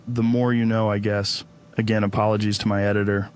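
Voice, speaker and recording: A man's voice: fairly low pitch, little pitch movement, a little fast. A man hosting a comedic interview sketch, sarcastic and profane with a mock-serious delivery. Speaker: host.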